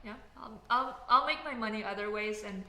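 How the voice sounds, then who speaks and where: A Canadian woman hosts a casual livestream, chatting while she builds and reading out chat comments. Her medium-pitched voice has a sharp tone and a moderate pace, and she rambles with plenty of fillers and self-corrections. The room is echoey, with faint background noise.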